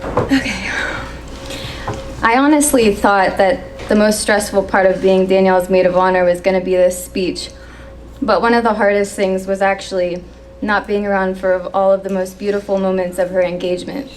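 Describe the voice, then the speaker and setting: A young woman giving a maid of honor toast at a wedding reception, reading from her phone and pausing when she gets emotional. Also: mid-range voice, a little hiss or hum. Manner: emotional, pausing to steady herself.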